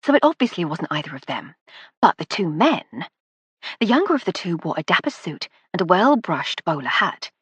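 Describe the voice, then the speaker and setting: A woman reading a first-person novel aloud with a wry, measured delivery. Her voice sits low and carries a husky, breathy grain. The sound is dry and close, with no room around it. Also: very animated, dry recording. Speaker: audiobook narrator.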